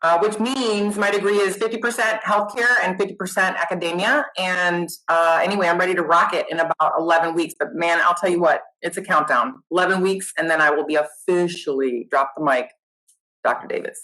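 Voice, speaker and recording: A middle-aged woman, a nurse guest, chatting casually in an interview, animated and self-deprecating. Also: fairly low pitch, a little fast, hardly any pauses, poor audio.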